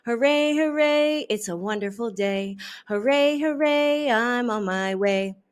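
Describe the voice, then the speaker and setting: A woman voicing an eager, excitable young boy bug in a storybook. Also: moderate pace, full character voice. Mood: cheerful. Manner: high, eager childlike voice.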